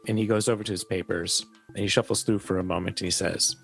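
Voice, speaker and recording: A man narrating as game master of a tabletop game, relaxed and descriptive. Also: sits low, fast talker, creaky, hardly any pauses, soft background music.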